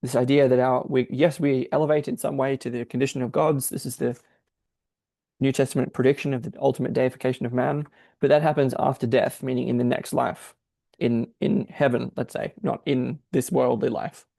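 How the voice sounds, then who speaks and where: A man's voice: mid-range voice, steady tone, brisk, vocal fry, warm tone, no echo. A man thinking aloud as he explains a difficult text, in a searching, explanatory manner. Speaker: podcast host explaining a text. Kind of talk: exegetical commentary.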